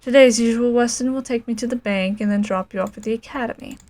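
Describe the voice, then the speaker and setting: A woman's voice: on the high side, quick pace, a little mellow, close to an everyday voice. A woman voicing a haughty, scheming middle-aged male noble who talks down to his ward, reading game dialogue aloud. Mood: smug. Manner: smug, condescending.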